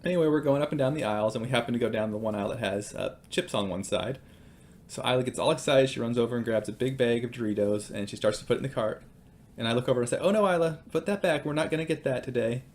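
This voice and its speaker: A man's voice: mid-range voice, fast talker, a little mellow. Casual, hesitant man giving devotional teaching. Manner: casual and hesitant, with many ums and uhs. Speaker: Christian teacher and father. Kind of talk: devotional teaching with personal stories.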